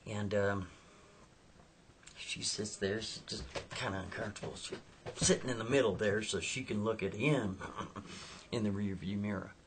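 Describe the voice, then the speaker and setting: A man's voice: lowish voice, fairly even intonation, moderate pace, pauses often, background noise. A man telling a spooky story in a chatty, casual way, checking in with the listener. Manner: chatty, asks listeners "right?".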